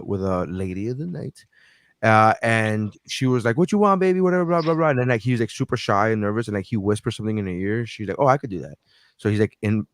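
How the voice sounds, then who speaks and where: A man co-hosting a podcast in casual chat, telling stories with lots of swearing and jumping into high voices for quotes. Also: no room sound, clean studio sound. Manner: animated storyteller, acts out quotes with big pitch jumps, swears freely. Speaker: podcast co-host.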